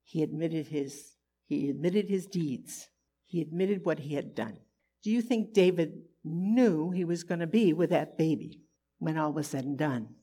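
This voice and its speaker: A woman teaching a conversational Bible lesson, animated and expressive, often asking her listeners rhetorical questions. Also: deep voice, a little slow, slightly rough.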